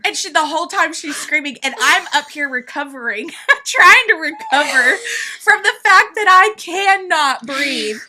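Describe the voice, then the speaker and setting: Bright high-voiced animated woman storyteller. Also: measured pace, hardly any pauses. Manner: animated storyteller, acts out quotes loudly. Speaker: podcast host and mother. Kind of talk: casual family chat.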